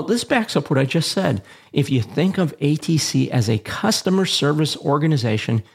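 Man, instructional narration, measured and plain, dry humor, mid-range pitch, gravelly texture. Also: a little mellow. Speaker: aviation radio communication instructor, podcast host. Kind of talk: scripted educational narration.

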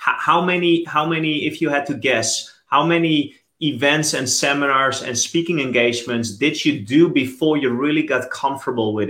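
A man's voice: a little high, a bit bright. A man interviewing a guest in a casual way, asking questions and summing up the guest's points. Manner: encouraging, sums up the guest's points. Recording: echoey room.

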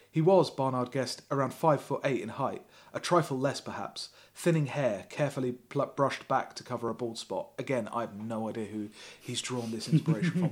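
A man hosting a podcast who reads a thriller novel aloud with heavy sarcasm, laughing often and breaking off to mock the text. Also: medium pitch. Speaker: podcast host. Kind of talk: comic reading of a thriller novel.

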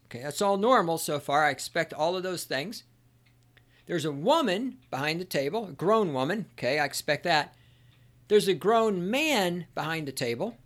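A middle-aged man hosts a solo podcast, telling stories through a sarcastic, profane rant. His voice sits high with a fairly bright tone.

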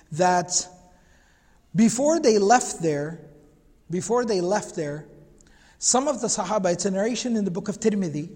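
A man's voice: high-pitched, a little mellow. A man teaching a religious lecture class, emphatic and repetitive, often asking rhetorical questions and reciting Arabic phrases. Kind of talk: lecture class on prophetic biography. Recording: long hall reverb.

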